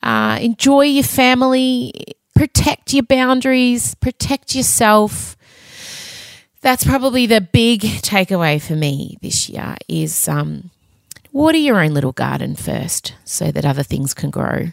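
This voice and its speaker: A woman's voice: on the high side, big pitch swings, measured pace, gravelly, dry recording. A woman hosting a podcast, closing the episode with chatty, heartfelt thank-yous and self-mocking asides. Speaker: podcast host. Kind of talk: casual podcast sign-off.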